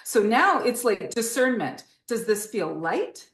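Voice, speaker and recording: Animated encouraging woman educator. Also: fairly high pitch, unhurried, roomy sound. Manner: animated and encouraging, with rhetorical questions. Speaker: author and educator guest. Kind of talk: enthusiastic teaching talk in an interview.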